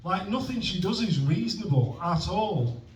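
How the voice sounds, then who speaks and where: A man's voice: high voice, expressive, moderate pace, slight background noise. Young male stand-up, rambling and self-mocking, recorded at a distance in a reverberant venue. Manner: self-deprecating, awkward, trailing off mid-joke. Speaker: stand-up comedian at an open mic. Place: comedy club stage with audience. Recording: roomy venue sound from a distant mic.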